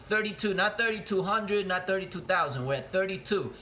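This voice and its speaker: A man's voice: high-pitched, animated, brisk, bright, forceful tone, slight background noise. A man, a teacher, giving a chatty, playful cooking demonstration to his students in a home kitchen, talking to the camera a helper holds. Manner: playful, chatty, speaks straight to the kids. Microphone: camera held by a cameraman.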